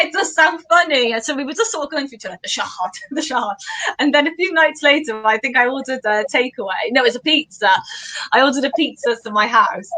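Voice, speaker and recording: A woman's voice: fairly high pitch, a bit bright. A young woman from England, a guest in a casual interview, telling stories in a chatty way and laughing often.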